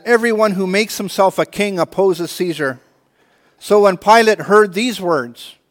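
A man's voice: high-pitched, long reverb tail. A man preaching a sermon and reading scripture aloud, earnest, often restarting and repeating words. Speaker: pastor.

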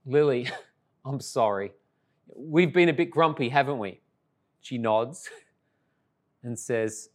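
A middle-aged Australian man, a pastor, opens a sermon with a conversational story that swings between lively and hushed, tender tones. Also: medium pitch, measured pace, pauses often.

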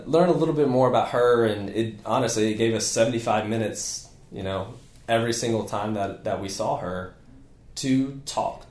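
A fairly low-pitched man talks as a guest on a casual podcast, full of energy and rambling through fillers and restarts. The room around him is echoey. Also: darkish tone. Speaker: physical therapy clinic owner, guest.

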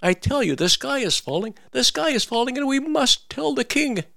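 A man squeaking as a frantic little hen. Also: very animated, normal speed, creaky, bright, forceful tone, dry recording, studio quality, exaggerated voice. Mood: panicked alarm. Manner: shrill, panicky, insistent. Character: frantic little female hen crying alarm.

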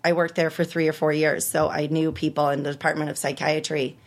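A woman in her thirties tells a personal story in an interview, her voice fairly low for a woman. She is animated and acts out the other people's lines. Her pitch jumps high when she relives the hardest moments. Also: brisk. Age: 30s. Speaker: interview guest.

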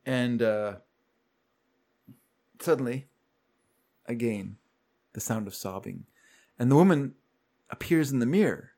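On a podcast, a male co-host casually recaps a show's plot, telling it with lively storytelling and acting out the characters' lines. His medium-pitched voice moves slowly, with frequent pauses.

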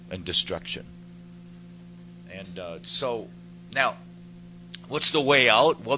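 A man's voice: mid-range voice, sharp tone, slight background noise, rough recording. A man giving an earnest personal testimony that turns into preaching, building to emphatic peaks as he speaks to a pastor.

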